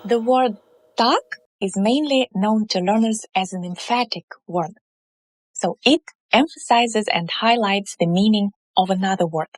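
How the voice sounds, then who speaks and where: A woman with a Russian accent teaching a language lesson, explaining slowly and carefully and drawing out her example words. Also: medium pitch, dry recording.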